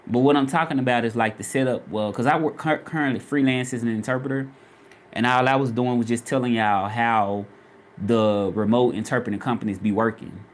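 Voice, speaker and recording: A Memphis, Tennessee man with a Southern accent, a vlogger who also works as a freelance Spanish interpreter, chats casually on a livestream and repeats his questions to viewers. His voice is medium-pitched and steady, running a little fast.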